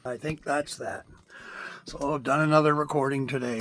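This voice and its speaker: A man's voice: mid-range voice, normal speed, fairly bright tone, husky. A middle-aged Canadian man with a Canadian accent, chatting casually to the camera inside his RV and talking sweetly to his cats. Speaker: vlogger. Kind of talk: casual rambling chat to camera. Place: inside an RV near a wood stove. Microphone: handheld camera.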